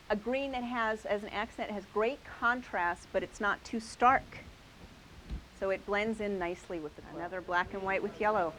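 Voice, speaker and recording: A woman's voice: mid-range voice, a bit bright, poor audio. A woman hosting a quilting class, showing quilts to a live group and praising each one with enthusiasm. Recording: faint hiss.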